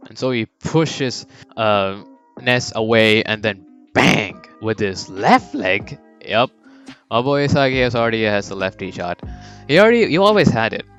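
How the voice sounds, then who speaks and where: A man's voice: expressive, fairly bright tone. Rambling young man telling a fan story. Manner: rambling, swears, jumps into quick high character voices. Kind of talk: casual unscripted fan-story narration. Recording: dull lo-fi mic with faint background music.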